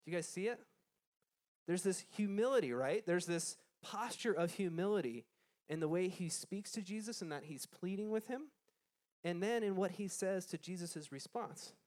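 A man's voice: high voice, moderate pace, a little mellow. Man teaching a Bible lesson to a group. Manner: conversational, asks the group questions, frequent restarts; reads scripture aloud then explains it.

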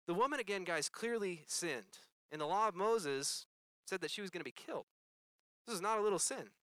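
Bright earnest young man preaching. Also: a little high, dry recording. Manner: earnest, addresses the congregation as "guys", rhetorical questions. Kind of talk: sermon.

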